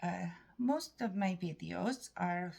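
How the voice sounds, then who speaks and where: A Canadian woman vlogging about her day, speaking haltingly with many pauses and fillers. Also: on the low side, creaky, darkish tone. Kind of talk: personal vlog talk.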